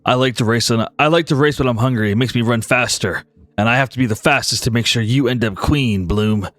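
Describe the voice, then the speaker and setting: A man voicing a timid, hungry male buffalo who speaks softly and gratefully. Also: mid-range voice, fairly quick, dry recording, natural voice. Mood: meek. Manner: soft, meek and grateful.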